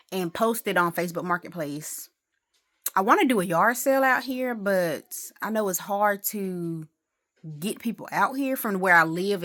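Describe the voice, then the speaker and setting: A woman's voice: lowish voice, fairly bright tone. A woman talking casually to a phone camera at home in a rambling day-in-the-life vlog, with exasperated asides. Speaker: vlogger.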